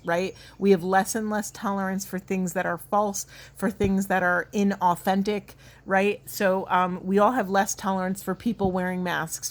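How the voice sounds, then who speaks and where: Earnest woman giving a spiritual card reading. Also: medium pitch. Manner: earnest, rambling, emotional. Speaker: tarot card reader.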